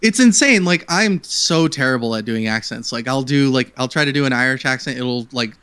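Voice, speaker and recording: A man's voice: mid-range voice, expressive, brisk, sharp tone, clear, resonant tone. A man joining a casual podcast chat, speaking in an enthusiastic way and laughing and swearing often.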